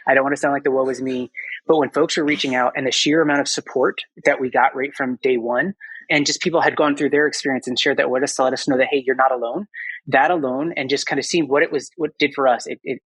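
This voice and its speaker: Fast-talking husky man, reflective guest. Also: mid-range voice, fairly even intonation, fairly bright tone, dry recording, low-quality recording. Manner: reserved, reflective. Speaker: podcast guest. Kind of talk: conversational interview.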